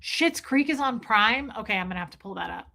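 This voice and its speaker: A woman's voice: medium pitch, animated, a little fast, vocal fry, sharp tone. A woman live streaming in casual chat, gushing and rambling as she answers viewers' comments. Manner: gushing, enthusiastic, rambling with restarts.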